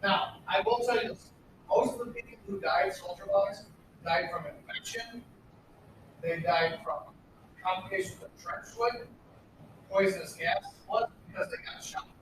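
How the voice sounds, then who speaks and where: A man from the United States gives a casual history lecture, blunt and full of sarcastic asides. His voice sits high for a man. He is heard from a distance in a very echoey classroom, with faint room noise behind him. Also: huge pitch swings, a little slow. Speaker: history teacher.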